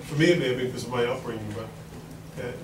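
Middle-aged Queens New Yorker giving a loose, filler-heavy talk to a crowd, roomy hall sound with steady background noise. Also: mid-range voice, fast talker. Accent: New York (Queens). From Queens, New York. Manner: rambling, folksy, with many fillers and restarts. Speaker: congressman speaking at a forum. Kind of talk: informal speech to an audience. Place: large event hall with an audience. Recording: echoey hall recorded from far off.

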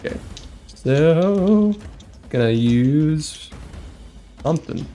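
A man acting as game master, calling turns and rolls with brisk rules calls and frequent laughs. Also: a little high, expressive, dark tone, faint music behind. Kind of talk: running a tabletop game.

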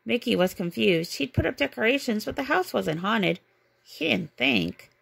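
A woman's voice: on the high side, normal speed, gravelly. Woman reading a bedtime story aloud. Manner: gentle, expressive read-aloud. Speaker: storybook reader.

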